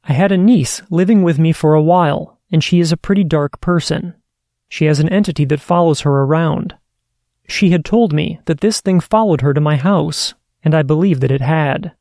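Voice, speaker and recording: A man hosting a podcast, reading listener stories aloud in a steady, earnest way. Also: a little high, normal speed, no echo, clean studio sound. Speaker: podcast host.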